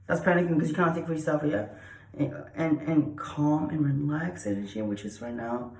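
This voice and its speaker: A woman's voice: deep voice, moderate pace, a little mellow. A woman vlogger lecturing about dogs in a blunt, repetitive way, swearing freely and often checking with "okay?". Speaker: dog trainer vlogger. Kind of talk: lecture-style casual talk to camera. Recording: echoey room.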